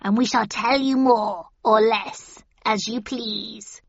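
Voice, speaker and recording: A woman's voice: fairly high pitch, steady tone, slow, creaky, breathy edge, no room sound, full character voice. A woman voicing pushy, ugly old female witches who chant archaic prophecies, in a dull, dry recording. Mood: wheedling.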